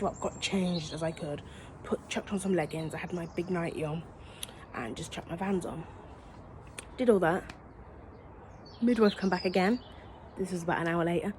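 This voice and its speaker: Young woman, casual vlog storytelling, low-pitched, rambling with self-corrections, faint background hiss. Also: normal speed, pauses often, a little mellow. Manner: chatty, rambling, often corrects herself and addresses viewers as guys. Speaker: new mother telling her birth story.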